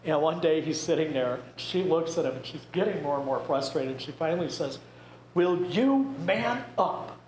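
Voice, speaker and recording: A man's voice: on the high side, brisk, hardly any pauses, darkish tone. Wry man speaking in an echoey room. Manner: wry, conversational, joking asides. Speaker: grief presenter. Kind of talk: talk to a group. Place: church meeting room. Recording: echoey room with faint noise.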